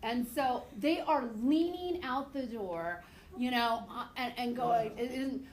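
A woman teacher lectures her class in a chatty, goofy way and drifts into stories along the way. Her voice sits a little high, and faint classroom noise stays under it. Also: a little slow, roomy sound. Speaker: high school biology teacher.

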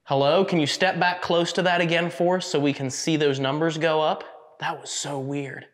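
A man's voice: on the high side, normal speed. A man hosting a paranormal investigation, talking through his readings with a nasal, stuffed-up voice from allergies. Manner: excited, narrating readings aloud. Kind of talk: ghost-hunting commentary.

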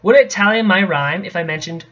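High-pitched young man, halting read-aloud, self-correcting, dull lo-fi recording. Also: fairly bright tone. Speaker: vlogger reading a poem aloud. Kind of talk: casual stumbling read-aloud.

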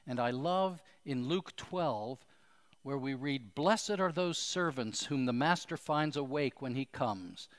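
A man's voice: medium pitch, unhurried, long reverb tail. A man preaching a sermon as pastor, earnest and pleading, asking his listeners questions.

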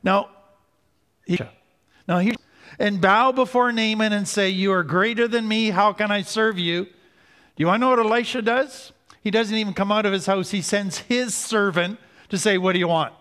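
A man's voice: high-pitched, fairly bright tone, smooth. Earnest man teaching in a hall. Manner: earnest, slows down for emphasis. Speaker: recovery speaker. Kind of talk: teaching talk. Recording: hall reverb.

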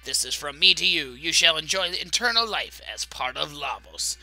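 A man's voice: fairly high pitch, expressive, normal speed, gravelly, sharp tone, soft background music, exaggerated voice, rough recording. A man voicing a haughty, cruel queen for a video game playthrough, with an imperious, scornful delivery.

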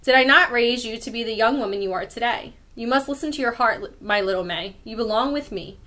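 A woman's voice: a little high, a little fast, pushed and bright. A woman reading as a coaxing wicked old queen. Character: calm, cold old wicked queen grandmother.

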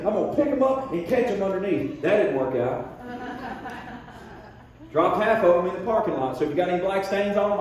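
A man's voice: extremely high pitch, a little mellow, recorded from a distance. A man preaching a sermon as pastor, telling homespun stories and drawing out his main points with heavy emphasis. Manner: folksy storytelling preacher, drawn-out emphatic points. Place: church sanctuary. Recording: very echoey church, voice from off mic.

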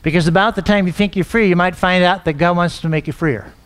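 Middle-aged male pastor with a high voice, storytelling sermon delivery, repeats and restarts words. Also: quick pace, smooth. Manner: storytelling, acts out quoted dialogue.

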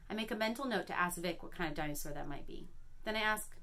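A woman reading a children's chapter book aloud in an expressive, storytelling way. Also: fairly low pitch, fast talker. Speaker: reader at a school.

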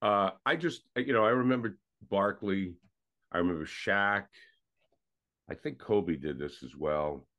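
A man's voice: low-pitched, unhurried, fairly bright tone, lo-fi sound. A man co-hosting a sports podcast in casual, enthusiastic chat that sometimes trails off mid-thought. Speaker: podcast co-host.

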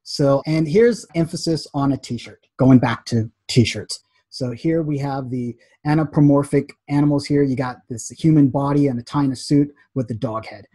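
A man teaching a casual graphic design lesson, chatty and animated, acting out little quotes as he explains. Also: mid-range voice, moderate pace, breathy edge, dry recording.

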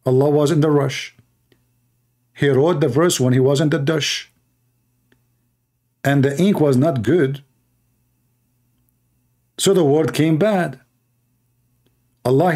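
A man's voice: on the high side, slow pace, long pauses, darkish tone. Mocking man in a live debate. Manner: mocking, sarcastic, laughs at his own jabs; reads passages aloud and acts out quoted voices. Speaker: online debater. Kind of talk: live-streamed religious polemic.

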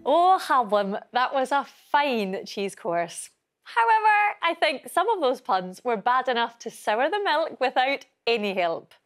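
A woman's voice: high voice, very animated, measured pace, faint music behind. A Scottish woman hosting a language lesson programme, switching between introductions and questions. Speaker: host. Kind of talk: studio presenting.

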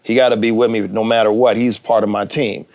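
A man's voice: on the low side, brisk. A middle-aged man, a TV writer and actor, telling a story in a casual interview, acting out the people he quotes. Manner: animated, acts out quoted voices.

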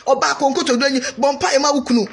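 A woman's voice: sits high, steady tone, very fast. A Ghanaian woman giving a scolding, preachy monologue on marriage, repeating phrases for emphasis. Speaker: vlogger giving marriage advice. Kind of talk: opinionated monologue.

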